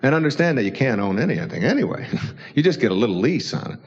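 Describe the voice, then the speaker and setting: A man's voice: medium pitch, sing-song, fast, slight background noise. A man, an author, giving a casual motivational talk, chuckling often and acting out little dialogues. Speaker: author and speaker. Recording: dull lo-fi recording.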